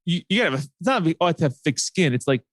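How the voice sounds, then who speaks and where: A man's voice: fairly high pitch, sing-song, very fast, a bit bright, no echo. A man hosting a podcast, telling a long personal story in a casual, rambling way, packed with fillers and asides. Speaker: podcast host.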